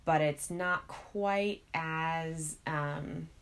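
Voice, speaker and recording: A woman with a notably low voice for a woman, chatting casually as a podcast co-host. She speaks in a measured way, working through her thoughts aloud with frequent pauses. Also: steady tone. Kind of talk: casual chat.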